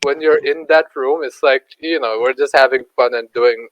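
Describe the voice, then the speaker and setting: A man's voice: mid-range voice, fairly even intonation, moderate pace, a little hiss or hum, low-quality recording. A man hosting a casual podcast chat, jokey and crude, who laughs a lot. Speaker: podcast host.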